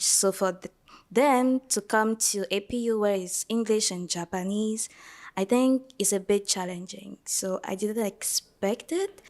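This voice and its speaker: A young woman from Côte d'Ivoire with an Ivorian accent, a student guest speaking in a straightforward, relaxed way. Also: mid-range voice. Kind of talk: casual interview.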